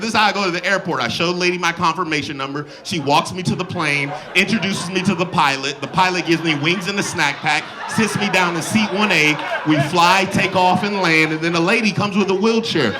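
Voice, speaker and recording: A man in his thirties performing a stand-up comedy set with an animated, playful, slangy delivery on a handheld mic. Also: high-pitched, a little fast, hardly any pauses, background noise. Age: 30s. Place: comedy club stage with audience laughter. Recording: loud live crowd laughter.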